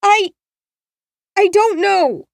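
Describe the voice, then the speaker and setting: Woman reader doing a scared trapped girl: high, panicky, pleading. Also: very slow, vocal fry, no room sound, clean studio sound, exaggerated voice. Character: terrified young girl trapped in a coffin.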